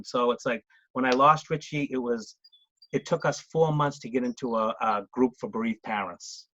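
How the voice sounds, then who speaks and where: A man's voice: mid-range voice, moderate pace, fairly bright tone, dull audio. A middle-aged man with a Boston accent, a podcast guest talking casually, rambling with frequent restarts. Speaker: guest, grief coach and author. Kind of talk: casual conversational interview.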